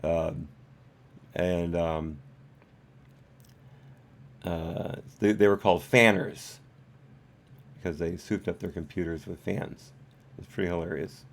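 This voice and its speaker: A man's voice: low voice, steady tone, slow, pauses often. A man hosting a live stream, commenting casually with many hesitant fillers. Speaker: host.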